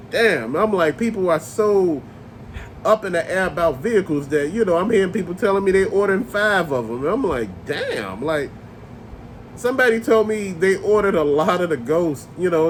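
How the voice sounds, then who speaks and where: A man's voice: high-pitched, slight background noise. A man hosting a toy channel, ranting in a casual, profane, exasperated way. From Chicago area. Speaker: host of a toy rant channel.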